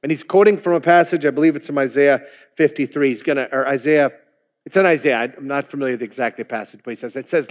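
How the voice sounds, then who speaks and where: A man's voice: mid-range voice, fast talker, long reverb tail. A man preaching a sermon as pastor, in a conversational way, with chuckling asides.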